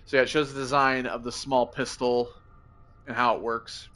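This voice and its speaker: A man's voice: medium pitch, little pitch movement, normal speed, bright, forceful tone. A man reading in-game text aloud during a let's play, earnest but stumbling and restarting now and then. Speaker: gameplay video host.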